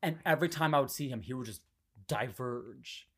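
A man's voice: mid-range voice, normal speed, fairly bright tone, husky. A young man hosting a podcast, telling a candid personal story in casual chat, swearing freely and acting out what others said. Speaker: podcast host.

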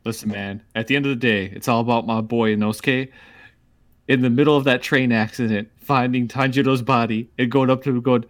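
A man's voice: mid-range voice, steady tone, fairly quick. A man joking wryly in a casual podcast chat. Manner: joking, wry.

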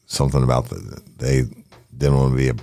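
Un homme à l'du Sud des États-Unis, co-animateur de podcast, décontracté et blagueur au langage cru. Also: male voice, extremely low pitch, a little fast, vocal fry, warm tone. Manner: laid-back, crude joking, drawling. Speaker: co-host. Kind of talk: casual podcast banter.

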